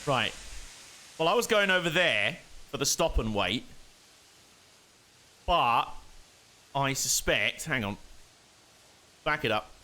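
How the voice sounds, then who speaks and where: A man's voice: mid-range voice, lively intonation, slow, pauses often, bright, forceful tone, slight background noise. A man giving casual, chatty live commentary while streaming a game, muttering to himself and laughing often.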